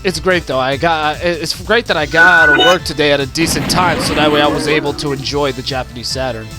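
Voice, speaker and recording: A man streaming gameplay, talking casually through the game and shouting at it when it goes wrong. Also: fairly high pitch, fairly quick. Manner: excitable, groans and shouts at the game. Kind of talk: live gameplay commentary. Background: loud game music.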